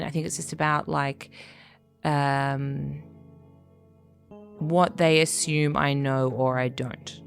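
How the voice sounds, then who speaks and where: A woman with an Australian accent talks things through casually, pausing on fillers and restarting her thoughts. Her voice sits low and has a gravelly edge. Faint music hums underneath. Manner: conversational, hesitant, many fillers and restarts, laughs often. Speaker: writer. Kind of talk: reflective casual interview talk. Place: living in Scotland.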